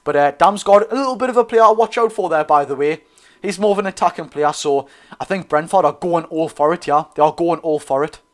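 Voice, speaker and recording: A man's voice: on the high side, a little fast. A young man with a Geordie accent hosting a live football watchalong, commentating casually, correcting himself and chatting to viewers. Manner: chatty, self-correcting, addresses viewers as lads. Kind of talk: live match commentary and chat.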